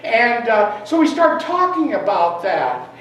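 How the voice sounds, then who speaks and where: A woman's voice: fairly high pitch, very animated, measured pace, slight background noise. Woman, informal sermon, chatty and rambling, far from the mic, very echoey room. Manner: conversational and rambling, asks the audience questions. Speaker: lay minister giving a talk. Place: church meeting room. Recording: very echoey hall, distant mic.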